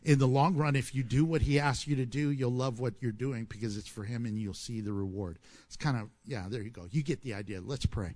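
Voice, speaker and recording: A man preaching a sermon as pastor, lively and emphatic, then dropping low and soft into prayer. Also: brisk, few pauses.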